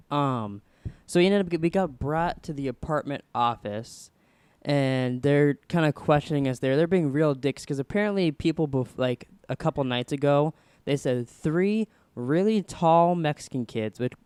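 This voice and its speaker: A young man hosting a podcast, casually rambling through an animated story. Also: mid-range voice, smooth, no room sound. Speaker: podcast host.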